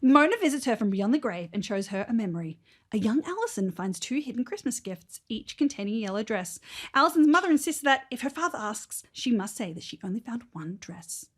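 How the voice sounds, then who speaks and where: A young woman with a fairly high voice that moves a lot, co-hosting a podcast. She reads an episode recap in a playful way, laughs easily and drops into a whisper now and then. Her delivery is lively throughout. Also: a little fast. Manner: playful, laughs often, slips into whispers while reading. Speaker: podcast co-host. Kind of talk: casual chat, reading an episode recap.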